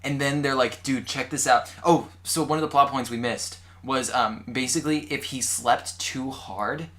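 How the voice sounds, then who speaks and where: A man's voice: mid-range voice, moderate pace. A young man co-hosting a casual podcast, animatedly retelling an anime episode and acting out quotes. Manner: animated retelling with quoted voices and frequent laughter. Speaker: podcast co-host.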